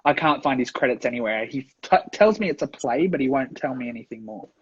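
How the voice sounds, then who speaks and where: A lively co-host with a husky voice, telling stories in a casual chat and laughing often. The voice swoops up and down as the stories build. The sound is slightly dull and lo-fi. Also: mid-range voice, fast. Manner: lively storyteller, laughs a lot. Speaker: podcast co-host.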